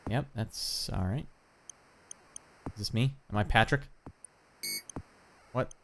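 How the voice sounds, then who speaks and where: A man's voice: fairly low pitch, takes it slowly, fairly bright tone, a little hiss or hum. A man playing an old basketball video game on stream, commenting casually and grumbling at the controls with wisecracks. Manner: exasperated, wisecracking, swears lightly.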